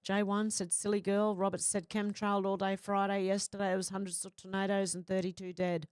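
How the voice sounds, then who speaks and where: A woman's voice: medium pitch, flat delivery, fairly quick, darkish tone, clean tone, no room sound. An Australian woman hosts a casual livestream and reads her viewers' comments aloud in a mid-range voice. She answers them in a blunt, opinionated way. The sound is dry and close, with no room around it. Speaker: livestream host.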